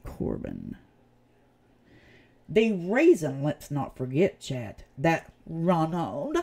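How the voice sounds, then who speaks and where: Southern woman streamer, blunt and foul-mouthed, animated pitch, casual chat delivery. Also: extremely slow, creaky. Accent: Southern US, East Tennessee. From United States. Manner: blunt, profane, heated ranting. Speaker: channel host. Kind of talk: casual livestream commentary.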